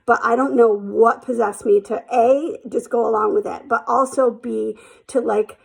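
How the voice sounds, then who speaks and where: A woman's voice: a little high, steady tone, moderate pace, vocal fry, breathy edge. A woman telling a personal story in a casual, chatty way, with lots of fillers, acting out the quotes.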